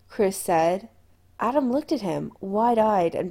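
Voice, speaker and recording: A woman reading a story aloud as a fan audiobook narrator, in a slow, soft, even manner. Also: on the low side. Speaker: podfic reader.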